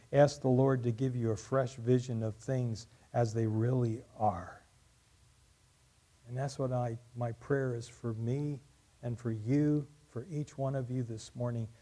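A man pastor preaching a sermon, reading aloud with loud emphatic peaks and quiet soft endings. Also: medium pitch. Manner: drops to quiet, soft closing lines.

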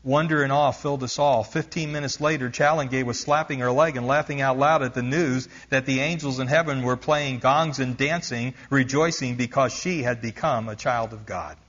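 A man preaching, retelling a missionary story with lively emphasis. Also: mid-range voice, moderate pace, hardly any pauses, highs cut off.

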